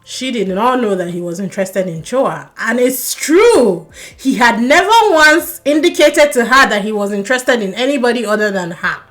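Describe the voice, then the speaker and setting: A young woman talks through a reality dating show in a casual monologue review. Her voice sits a little high, and her delivery is animated and outspoken. She swears and laughs when she gets worked up. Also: normal speed.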